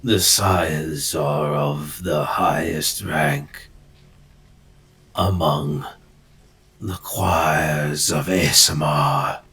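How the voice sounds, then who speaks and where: A man voicing a solemn male cultist with unblinking yellow eyes, speaking slowly and gravely as if preaching. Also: extremely low pitch, fairly even intonation, exaggerated voice.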